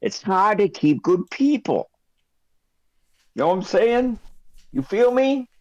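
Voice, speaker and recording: A man's voice: high-pitched, sing-song, takes it slowly, pitched above the performer's own voice, full character voice. A man voicing a brash, chummy male shopkeeper with an exaggerated Boston accent and pushy, streetwise patter. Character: brash, chummy male shopkeeper who pitches himself hard. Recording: slightly dull lo-fi audio.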